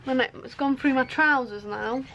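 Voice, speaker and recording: A woman's voice: high voice, unhurried, a bit bright, lo-fi sound, slight background noise. A woman co-hosting a sailing vlog, chatting casually and teasing her partner while she films outdoors. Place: outdoors in a harbour town and on a marina pontoon.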